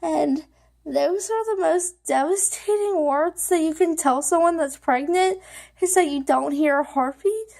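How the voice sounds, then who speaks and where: High, gravelly-voiced young woman vlogger. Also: measured pace, a little mellow. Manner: rambling, many fillers like "like" and "you know"; emotional, holding back tears. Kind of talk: personal storytelling to camera.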